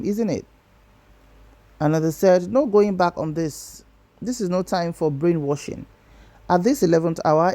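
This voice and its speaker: A news channel narrator, reading viewer comments aloud in a steady, measured way with occasional stumbles. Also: medium pitch, no echo.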